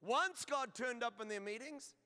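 A middle-aged pastor preaches a sermon, telling humorous stories and building to emphatic declarations. His very high-pitched voice is bright and forceful yet unhurried, recorded in a reverberant hall.

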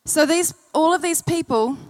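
A woman delivers an earnest sermon at a church service, using stories and repeated key phrases. She has a high voice and keeps a moderate pace.

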